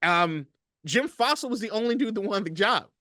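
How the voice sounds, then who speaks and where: A man co-hosting a casual sports podcast, telling stories in a profane, animated way. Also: high voice, normal speed, no room sound, clean studio sound. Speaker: podcast co-host.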